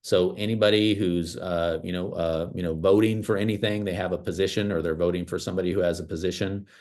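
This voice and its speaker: A man from small-town America giving an animated, emphatic motivational talk over a video call, with casual fillers. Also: low voice, fast talker. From small-town United States.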